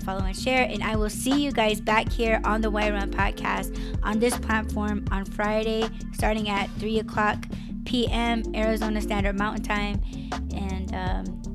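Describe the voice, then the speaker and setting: A woman hosts a live-stream podcast, speaking slowly and candidly in an emotional monologue. Her voice sits at a middle pitch, and she swears freely as she talks. Faint music plays in the background. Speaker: podcast host.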